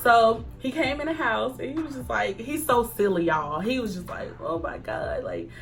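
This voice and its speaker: A young woman chatting casually to camera, animated, acting out quoted lines and laughing often. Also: a little high, moderate pace. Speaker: vlogger. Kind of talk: casual storytime chat.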